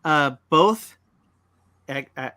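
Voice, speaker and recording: A man co-hosting a podcast in casual chat, halting with stumbling restarts. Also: a little high, lively intonation, sharp tone, no echo. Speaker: podcast co-host.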